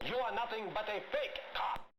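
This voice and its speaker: A man's voice: high-pitched, moderate pace, fairly bright tone, a little hiss or hum. An actor playing a sleazy, defensive male photographer in a video game, with a snappish, flustered manner. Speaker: game character. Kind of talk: sampled video game dialogue.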